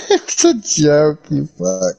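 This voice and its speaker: Crude, joking man with lively pitch. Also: creaky. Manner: crude, joking, swears freely. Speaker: hobbyist painting miniatures. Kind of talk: casual chat while working.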